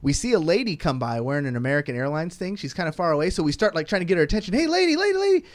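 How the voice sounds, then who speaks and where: A man co-hosting a podcast, telling an animated, profane travel story with lots of "like"s and frequent laughs. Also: on the high side, racing, dry recording. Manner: animated, profane, rambling anecdote with many "like"s. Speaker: podcast co-host. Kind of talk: casual storytelling.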